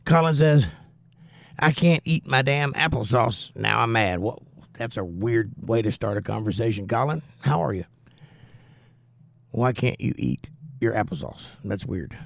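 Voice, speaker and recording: A man's voice: medium pitch, animated, a little slow, creaky, dry recording. A man hosting a livestream, reading viewers' chat messages aloud and answering them with wry, teasing humor. He is out of breath and coughing while he recovers from the flu. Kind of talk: casual chat.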